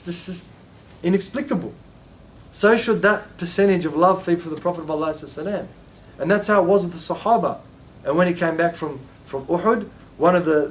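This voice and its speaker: A man teaching an informal religious lesson, telling stories and acting out quoted voices with many restarts. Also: fairly high pitch.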